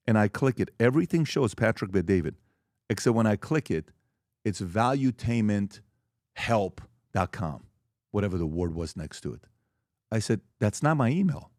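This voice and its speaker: A man hosting a business presentation to a live audience, direct and emphatic, telling stories with lively acted-out exchanges. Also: fairly low pitch, no echo, studio quality. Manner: animated storytelling, acts out quoted exchanges; direct and emphatic, lists points quickly. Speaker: host giving a business talk.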